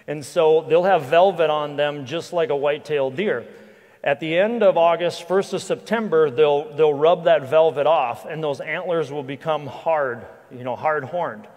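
A man, a hunting guide and guest speaker, telling a lively anecdotal story to a church audience, with frequent restarts. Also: a little high, moderate pace. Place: church hall with live audience. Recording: long reverb of a large hall.

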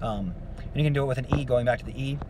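A man explains singing technique in a loose, rambling way, his voice sitting at an ordinary middle pitch. Faint noise hums behind him as he talks through his lesson. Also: very fast. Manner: relaxed, rambling explanation with many fillers. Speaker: vocal coach. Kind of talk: casual singing lesson with demonstrations.

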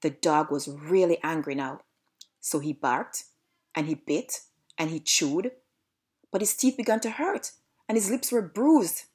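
A woman's voice: low voice, measured pace, husky. A woman with a Jamaican accent reading a storybook aloud. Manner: lively read-aloud narration.

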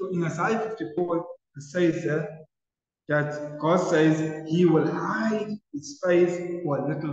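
Male preacher, sermon, unhurried repetitive delivery, long hall reverb, dull lo-fi recording. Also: fairly high pitch, recorded from a distance. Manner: repetitive, emphatic preaching with swings between loud and soft. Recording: echoey hall, dull lo-fi sound.

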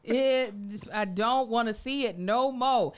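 A woman's voice: a little high, slow, clean tone. A woman co-hosting a comedy podcast, blunt and teasing in casual banter. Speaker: podcast co-host.

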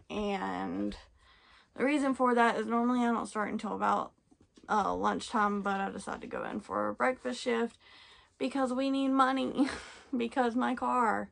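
A woman's voice: fairly high pitch, gravelly, a bit bright. A tired young woman, chatting casually and rambling in a home vlog from her camper. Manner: chatty, rambling, says "y'all" and "freaking". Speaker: vlogger.

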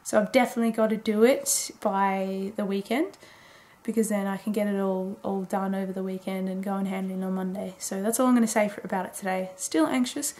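A woman's voice: mid-range voice, fairly even intonation, a little fast, a little mellow. A woman in her twenties rambling casually through a late-night video diary, chatty and full of fillers. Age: 20s. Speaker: daily vlogger.

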